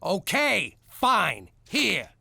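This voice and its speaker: A gravelly cartoon mob dad. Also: medium pitch, huge pitch swings, heavy background noise, heavily acted. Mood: weary. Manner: blustery, quick to shout then soften. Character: gruff mobster dad, doting and hot-tempered. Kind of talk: adult cartoon voice acting.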